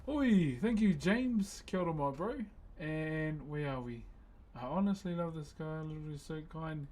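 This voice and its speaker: Laid-back New Zealand man, slightly high. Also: lively intonation, moderate pace, darkish tone. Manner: laid-back, friendly, slangy, thanks viewers by name. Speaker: livestream host. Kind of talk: casual live-stream chat with viewers.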